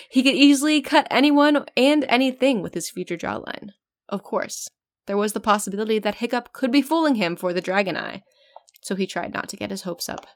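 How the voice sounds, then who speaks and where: A woman reading a fan story aloud in a casual way, often stopping to laugh and joke about the text. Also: medium pitch. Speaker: fan fiction reader.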